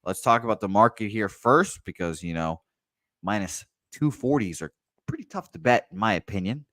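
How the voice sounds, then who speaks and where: Male host, low voice, dry sound, loose rambling betting chat. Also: animated, moderate pace, fairly bright tone, no echo. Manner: loose, profane, rambling with fillers. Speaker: sports betting show host. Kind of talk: casual sports betting chat.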